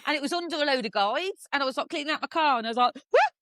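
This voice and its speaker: A woman's voice: high-pitched, racing, dry recording. English woman telling wild stories, does voices, swears a lot, dry close sound. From England. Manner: animated, acts out voices, swears, laughs often. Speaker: podcast guest. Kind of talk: casual storytelling chat.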